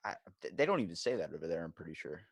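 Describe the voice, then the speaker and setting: A man hosting a podcast, chatting casually and telling stories in a teasing, animated way. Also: sits low, rapid-fire, creaky, breathy edge, dry recording, studio quality. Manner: animated, teasing storyteller, laughs a lot. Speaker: podcast host. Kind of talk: casual chat.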